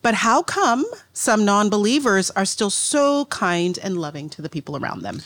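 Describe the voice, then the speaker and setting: A woman's voice: mid-range voice, very animated, normal speed, no room sound. A woman co-hosting a podcast, affirming her partner and reading out listener questions in a casual, friendly way. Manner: affirming, warm listener who reads out questions. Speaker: podcast co-host.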